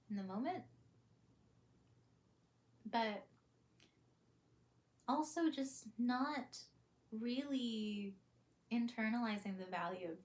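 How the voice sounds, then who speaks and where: A young woman talking to camera in a reflective, casual vlog, soft and hesitant with many pauses and small laughs. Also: mid-range voice, a little hiss or hum. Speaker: vlogger.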